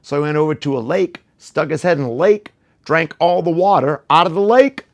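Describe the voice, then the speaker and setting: A man's voice: a little high, expressive, brisk. A man telling a folk tale to children, playful and theatrical, speaking straight to the audience. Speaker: children's storyteller. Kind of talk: animated storytelling for children.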